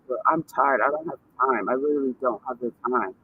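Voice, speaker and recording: A man's voice: medium pitch, a little fast, phone-quality sound, a little hiss or hum. A man ranting on a vlog, cursing and repeating himself in indignant bursts. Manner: profane, indignant, repetitive ranting. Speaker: vlogger.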